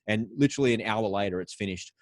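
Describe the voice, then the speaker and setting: An Australian man talks as a podcast guest, relaxed and upbeat, dropping slang as he tells stories. His voice sits a little low. The sound is dry and close, with no room echo. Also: quick pace. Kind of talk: casual interview talk.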